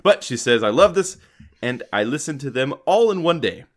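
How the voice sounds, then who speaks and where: A man's voice: medium pitch, very animated, normal speed. A man co-hosting a casual podcast, joking around and tripping over names. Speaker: podcast co-host.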